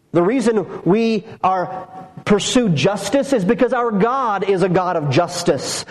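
A man's voice: sits high, a little mellow, long reverb tail, low-quality recording. A man preaching a sermon, earnest and emphatic, building points through repeated phrases. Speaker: pastor.

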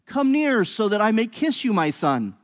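A man's voice: high-pitched, sing-song, moderate pace, pitched above the performer's own voice. A man voicing an old blind father, hesitant and questioning. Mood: confused.

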